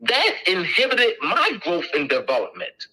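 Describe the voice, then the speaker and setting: A middle-aged man lectures an audience in a high, sharp and forceful voice. He hammers each point with emphatic repetition, speaking casually but with insistence. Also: wildly swooping pitch, a little slow, husky, low-quality recording.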